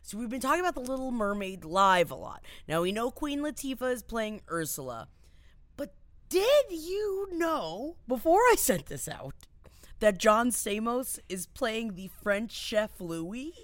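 A woman co-hosting a casual pop-culture chat, animated and joking, talking in quick bursts. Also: on the high side, no room sound. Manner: animated, quick bursts, self-mocking jokes. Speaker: podcast co-host.

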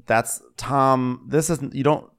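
A man's voice: mid-range voice, fairly even intonation, slow pace, fairly bright tone, smooth. A man co-hosting a podcast, chatting casually and acting out quotes from a reality show. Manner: chatty, quotes people in put-on voices. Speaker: podcast co-host. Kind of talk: casual recap chat.

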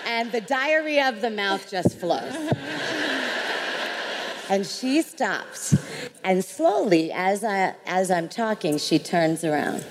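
A woman's voice: medium pitch, sing-song, slow pace. A woman on a live panel, telling a story with lots of energy, often laughing and acting out quotes. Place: large hall, live event on stage. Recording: reverberant hall with faint noise.

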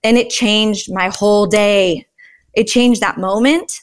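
A woman telling lively stories as a guest in a conversation, animated and chatty, often exclaiming. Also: medium pitch, a little slow, clean tone. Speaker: guest, mother and author of a sign-language book. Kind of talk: conversational storytelling.

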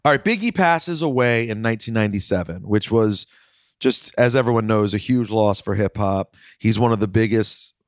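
A man's voice: fairly low pitch, expressive, normal speed, no room sound, studio quality. A man hosting a podcast, introducing a segment in a plain, matter-of-fact way. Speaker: host. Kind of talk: podcast narration and interviewing.

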